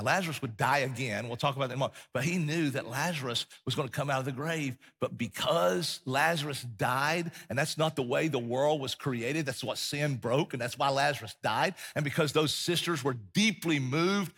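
A man preaching a sermon as pastor, passionate and repetitive, swinging between loud declarations and soft, hushed passages. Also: medium pitch, moderate pace, husky. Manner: impassioned, repeats phrases for emphasis, drops to a hush.

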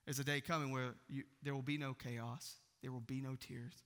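A man, preaching a sermon in a church and swinging from loud proclaiming to hushed near-whispers. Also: mid-range voice, level tone, moderate pace, big-room sound. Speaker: pastor.

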